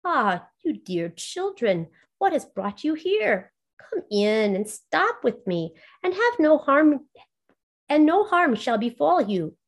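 A woman voicing a wicked, cruel old witch in a storybook reading, speaking slowly and drawing out her words. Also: high voice, big pitch swings, heavily acted. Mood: sweetly coaxing.

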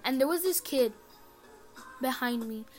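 A woman's voice: sits high, expressive, unhurried, darkish tone, faint music behind. A teenage girl chatting alone on her podcast from her bedroom, rambling and swearing casually. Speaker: podcast host. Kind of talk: casual solo podcast chat.

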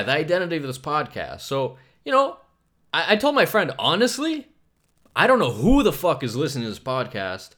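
A man's voice: mid-range voice, fairly bright tone. A man hosting a solo podcast, rambling from topic to topic in a self-mocking, profane way. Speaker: podcast host.

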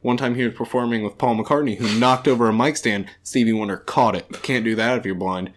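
A man with an ordinary mid-range voice co-hosts a casual movie review. He delivers outlandish claims in a flat, mock-serious tone, as if reading out a case. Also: medium pitch, brisk, a little hiss or hum. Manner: deadpan, mock-serious hot takes. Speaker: podcast co-host.

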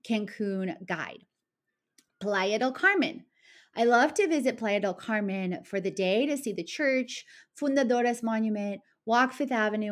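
Enthusiastic woman travel vlogger, mid-range voice, casual list-style narration. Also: medium pitch. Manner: upbeat, enthusiastic, self-correcting.

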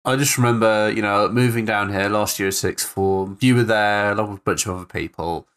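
A man's voice: on the low side, fairly even intonation, fairly quick, fairly bright tone, clear, resonant tone. A man with a Mancunian accent, co-hosting a casual podcast in a laid-back way with short replies. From Manchester area, England. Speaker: podcast co-host. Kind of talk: casual chat. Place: indoor podcast recording. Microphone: podcast microphone.

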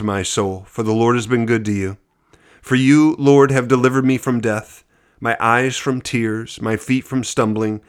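Guy reading bible passages, steady even delivery, mid pitched voice. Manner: measured, steady reading cadence. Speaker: Bible reader. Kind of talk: scripture reading with brief reflection.

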